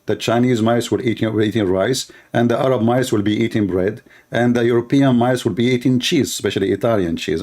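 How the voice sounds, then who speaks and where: A man's voice: mid-range voice, expressive, a little fast, darkish tone. A man hosting a show, giving sarcastic, teasing commentary in non-native English. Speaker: host. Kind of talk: mocking commentary on a clip.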